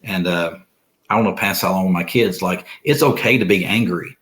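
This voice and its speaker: A middle-aged man with a fairly low voice speaks earnestly in relaxed conversation. He rambles a little and often restarts his sentences as he works through his thoughts. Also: brisk. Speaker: podcast guest. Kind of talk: casual conversation.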